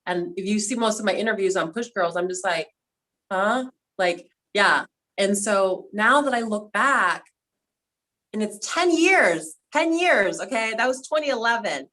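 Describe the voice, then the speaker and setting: A woman's voice: medium pitch, normal speed, sharp tone, low-quality recording. A woman hosting a cast reunion over a video call, telling stories in a casual, heartfelt way and getting emotional. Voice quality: quadriplegic speaker talking from a seated video call.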